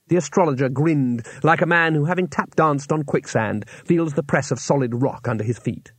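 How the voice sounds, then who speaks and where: Husky male audiobook narrator. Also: fairly high pitch, no echo. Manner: measured storytelling with character voices.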